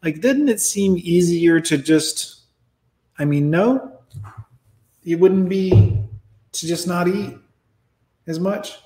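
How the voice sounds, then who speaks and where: A man's voice: sits high, slow pace, long pauses, mellow. A man hosting a reaction video, ranting bluntly and with heavy profanity. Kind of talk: mocking reaction commentary. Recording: roomy echo.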